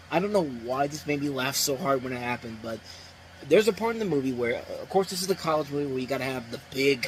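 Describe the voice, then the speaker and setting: Rambling, excitable male movie reviewer. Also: mid-range voice, a little hiss or hum, low-quality recording. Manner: enthusiastic, rambling, with frequent restarts and laughs. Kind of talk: casual spoken review.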